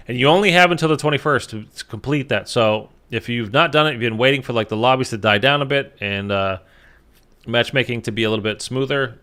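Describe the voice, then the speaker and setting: A man's voice: lowish voice, creaky, bright, forceful tone. A man talking casually to his viewers about a game as a YouTuber, rambling with lots of fillers and the odd swear, tired from little sleep. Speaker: gaming YouTuber.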